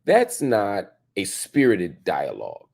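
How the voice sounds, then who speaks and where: A man's voice: fairly low pitch, wildly swooping pitch, slow, gravelly, a little mellow, husky. A man hosting a reaction commentary, emphatic and repeating his points for stress. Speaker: show host and commentator. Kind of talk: reaction commentary on a played clip.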